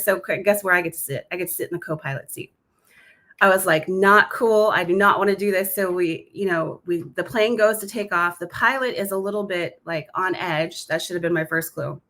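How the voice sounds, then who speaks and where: A woman guest on a podcast, telling a personal testimony in a lively, quick way and acting out the voices in her story. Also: on the low side. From Alaska.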